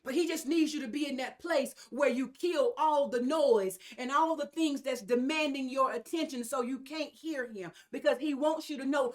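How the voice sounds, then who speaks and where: Emphatic, fairly high-voiced woman preacher. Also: moderate pace, few pauses. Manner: emphatic and repetitive, with repeated phrases and asides to the congregation. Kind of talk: sermon.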